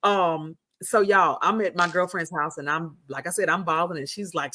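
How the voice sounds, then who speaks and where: A woman host telling a personal story in a casual, animated chat, repeating herself for emphasis. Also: fairly low pitch, normal speed, hardly any pauses.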